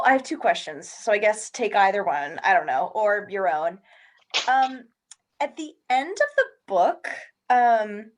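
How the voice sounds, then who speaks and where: A woman in a book club on a video call, asking questions hesitantly and searching for her words. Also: sits high. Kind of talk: casual video call discussion.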